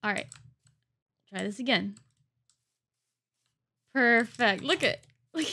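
A woman's voice: on the high side, unhurried, long pauses, a bit bright. A woman hosting a let's play, chatting playfully through her gameplay and laughing often. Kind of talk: casual gameplay commentary.

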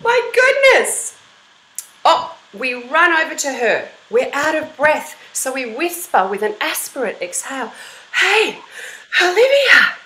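A woman's voice: sits high, animated, moderate pace, few pauses, reverberant, low-quality recording. A woman from Australia teaching an online voice class for kids in an encouraging, storytelling manner. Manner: bright, encouraging teacher voice, storytelling with sung-out examples.

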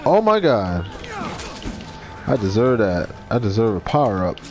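A man's voice: fairly low pitch, very animated, measured pace, over music. A man giving playful let's play commentary, joking and talking to his pets while he games. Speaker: game streamer.

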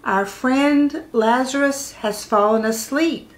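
A woman reading the part of a calm, kind male teacher in a children's story, speaking slowly and reassuringly. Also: high-pitched, voice pushed up. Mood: gentle.

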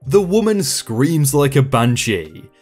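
A man narrating a first-person story with wry humor. His pitch moves a lot, keeping the telling animated. Soft music sits quietly behind his voice. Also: slow pace.

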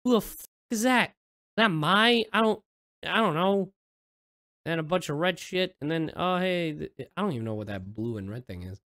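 A man's voice: fairly high pitch, animated, moderate pace, fairly bright tone, no echo, studio quality. A man hosting a reaction video in casual commentary, exasperated and swearing, with sarcastic asides.

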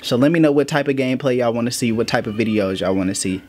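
A gaming YouTuber hosts a casual vlog from his home office, talking straight to his viewers in a slangy, slightly breathless way with plenty of asides. His voice is medium-pitched and darkish, he talks fast, and there's a little hiss or hum on the recording.

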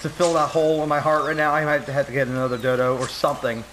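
A young man giving casual gaming commentary, swinging from mock grief to frantic yelling and swearing. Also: on the high side, level tone, fast talker, noisy background. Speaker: gameplay commentator.

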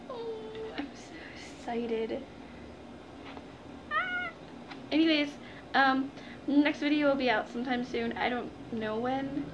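A woman's voice: on the high side, dull audio, noisy background. A young woman chatting to her viewers in a casual unboxing vlog, gushing and giggling, calling them "guys". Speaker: vlogger.

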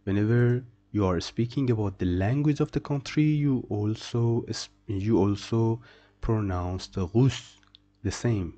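Man, pronunciation teacher, slow, low-pitched, repeats each word, translates. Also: dark tone, muffled recording. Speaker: French teacher. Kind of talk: slow beginner pronunciation lesson.

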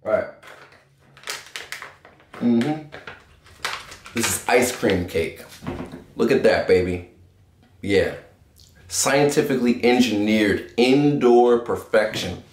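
A man's voice: medium pitch, slow pace, pauses often, darkish tone. A man giving a casual, joking, profane review, full of swearing and banter. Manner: brash, joking, swears a lot. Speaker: cannabis strain reviewer. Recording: echoey room with faint noise.

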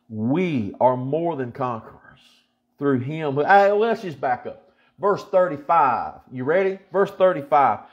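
Folksy pastor, emphatic repetition. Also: male voice, a little high, expressive, measured pace, lo-fi sound. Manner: emphatic, folksy, repeats for stress. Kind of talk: casual chat and Bible reading.

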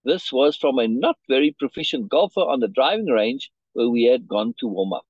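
Husky man explaining a story. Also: medium pitch, expressive, normal speed, no echo, dull audio. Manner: checks in often with "right?"; restarts and repeats words. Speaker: teacher reading a story aloud. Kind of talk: reading a story and explaining it to a learner. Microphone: video call.

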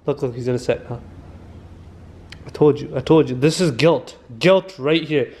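A young man vlogging casually, excitable and swearing, switching to high baby talk with his dogs. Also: moderate pace. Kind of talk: casual vlog talking to viewers and dogs.

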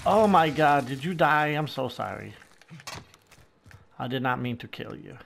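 This streamer's mid-range voice, touched with vocal fry, is animated yet unhurried as he delivers crude, mock-friendly play-by-play, needling other players and exclaiming at surprises. Game gunfire and explosions fill the background noise.

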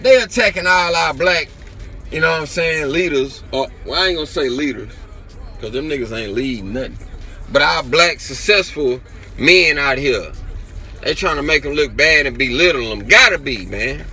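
A man's voice: on the high side, expressive, normal speed, sharp tone, soft background music. A man vlogger giving an angry, profane commentary rant, tagging his sentences with "man" and "you know what I'm saying".

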